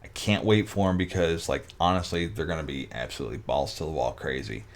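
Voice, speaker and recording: Deep-voiced man rambling on a live stream. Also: fairly quick. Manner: rambling, restarts, jokey asides to chat. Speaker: streamer hosting a talk show. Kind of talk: casual live-stream chat.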